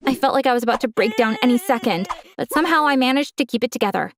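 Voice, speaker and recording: A woman's voice: fairly high pitch, rapid-fire, few pauses. A young woman telling a dramatic first-person story, gasping now and then for effect.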